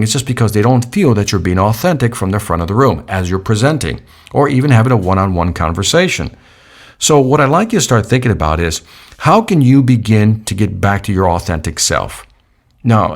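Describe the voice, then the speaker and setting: Emphatic lively sales trainer, man. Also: fairly low pitch, a little fast. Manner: emphatic, repeats key points, acts out customer and presenter lines. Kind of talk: motivational sales training talk.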